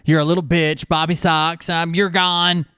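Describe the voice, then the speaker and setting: A man's voice: a little high, little pitch movement, normal speed, pushed and bright, clean tone, no echo, studio quality. A man on a live-stream round table, speaking in a wry, teasing way. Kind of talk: casual live-stream chat.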